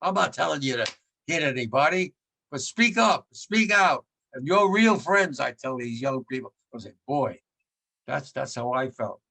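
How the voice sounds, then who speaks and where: A man's voice: mid-range voice, normal speed, gravelly, pushed and bright. A man in his nineties giving a blunt remembrance talk as a war veteran, repeating his points with rising force. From United States. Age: 90s.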